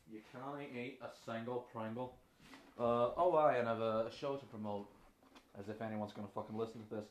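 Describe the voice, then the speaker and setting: A man's voice: on the low side, slight background noise. A young man with a Northern Irish accent hosting a casual, unscripted podcast, sweary, rambling and self-mocking. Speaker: podcast host. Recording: roomy echoing room.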